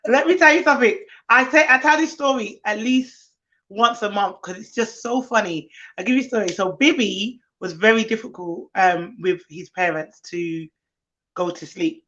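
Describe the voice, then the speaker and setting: A woman's voice: medium pitch, moderate pace. A woman nanny, telling stories in casual chat and acting out children's voices. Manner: animated storytelling, acts out children's voices. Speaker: nanny, co-host. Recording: muffled lo-fi stream audio.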